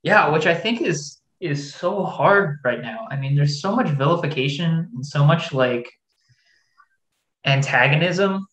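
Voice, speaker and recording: A man's voice: a little high, expressive, a little slow, fairly bright tone. A young man interviewing, asking questions hesitantly and thoughtfully with lots of fillers. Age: young adult. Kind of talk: podcast interview. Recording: echoey room.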